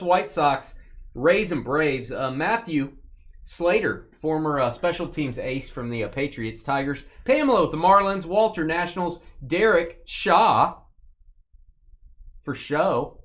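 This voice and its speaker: A man calls out buyers and teams on a live card break stream, his pitch swinging up and down with a lively bounce. He rambles through jokes and asides between the names.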